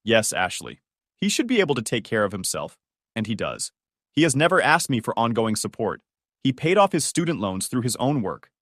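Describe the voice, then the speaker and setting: A man voicing a stern older grandfather who speaks in a measured, cutting, formal way, in a storybook reading. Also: mid-range voice, big pitch swings, fairly bright tone, no echo, studio quality.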